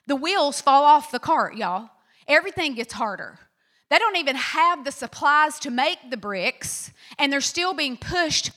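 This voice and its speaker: A woman pastor preaching a sermon in an animated, conversational way and acting out the quotes. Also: high voice.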